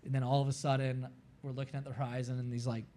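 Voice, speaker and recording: Speaking fast in a mid-range voice, a podcast guest from Florida spins a lengthy story live. He's animated, says "like" constantly, and performs the lines people said.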